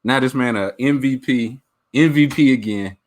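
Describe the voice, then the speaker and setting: A man hosting a podcast, talking sports in animated, slangy banter. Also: mid-range voice, normal speed. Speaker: podcast host. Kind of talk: casual chat.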